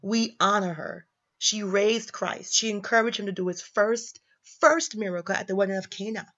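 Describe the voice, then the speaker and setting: A woman's voice: mid-range voice, fairly even intonation, normal speed, fairly bright tone. A young woman giving casual religious commentary, emphatic and slangy, repeating lines for effect. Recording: slightly dull lo-fi audio.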